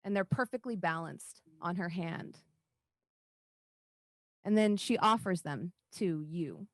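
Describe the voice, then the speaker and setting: Brief: woman dungeon master, slow, hesitant narration, dry close mic. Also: on the low side, no echo. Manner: halting, full of fillers like "like". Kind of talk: narrating a tabletop game.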